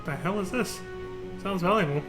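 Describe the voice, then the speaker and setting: A man's voice: high-pitched, moderate pace, over music. A man streaming a video game live, chatting casually and cursing often. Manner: casual, profane, laughs often.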